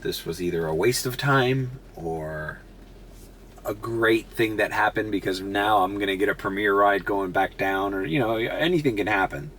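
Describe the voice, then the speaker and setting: A man with a very low voice talks casually to his camera, half muttering and swearing in passing. There is faint background noise behind him. He sounds like he is ending his day. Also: moderate pace, fairly bright tone. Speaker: rideshare driver vlogger. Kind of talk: casual vlog chat to camera.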